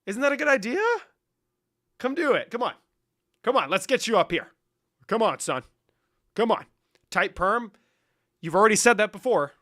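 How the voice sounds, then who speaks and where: A brash young man from Mexico streams from his room, answering his chat in a loose, profane, mocking way. His voice sits a little high for a man, and the sound is close and dry, with no room echo. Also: sing-song, moderate pace, pauses often. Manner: swearing, mocking, loud bursts and laughter. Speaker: livestreamer. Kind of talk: casual live stream talk to chat.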